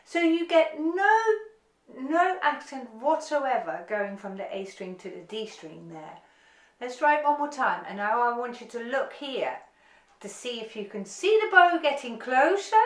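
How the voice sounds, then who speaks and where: A woman's voice: on the high side, sing-song, unhurried, fairly bright tone, reverberant. A woman teaching an online violin lesson, giving encouraging step-by-step instructions.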